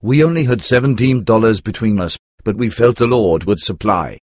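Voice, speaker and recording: A man narrating a first-person memoir in a measured, earnest storytelling manner. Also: lowish voice, darkish tone, no echo, clean studio sound.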